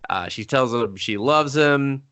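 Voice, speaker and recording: Male podcast co-host, sharp and bright, riffs sarcastically through plot recaps. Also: medium pitch, clear, resonant tone. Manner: sarcastic, profane, acts out scenes in quick mock voices. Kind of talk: casual movie review chat.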